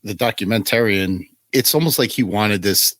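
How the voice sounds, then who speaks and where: Man, podcast co-host, casual film chat, musing questions, fairly low voice, dry sound. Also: normal speed, fairly bright tone, dry recording. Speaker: guest co-host.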